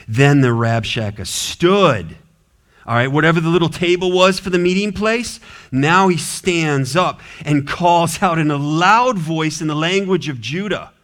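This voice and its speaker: A man pastor preaching an expository sermon, animated and acting out characters with varied voices. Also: medium pitch, a little slow. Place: church sanctuary.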